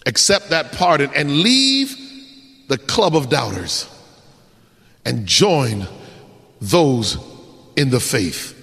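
A man preaching a dramatic sermon, swinging from shouts to hushed endings. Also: medium pitch, very animated, takes it slowly, vocal fry, long pauses. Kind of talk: sermon with storytelling. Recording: echoey hall.

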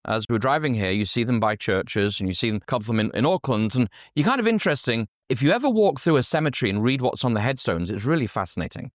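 A man's voice: mid-range voice, expressive, fast talker, few pauses, no room sound, clean studio sound. A man from Yorkshire preaching a conversational sermon who keeps asking his listeners questions. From Yorkshire, England. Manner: conversational, asks the audience questions. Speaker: pastor.

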